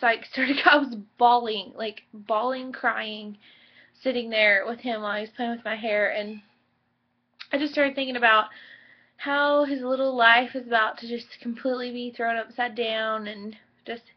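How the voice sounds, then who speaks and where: Young woman vlogging at home, chatty and emotional, kinda high voice, dull lo-fi camera sound. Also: fairly even intonation, unhurried. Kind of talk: casual pregnancy vlog chat. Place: home bedroom. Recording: dull lo-fi home video audio.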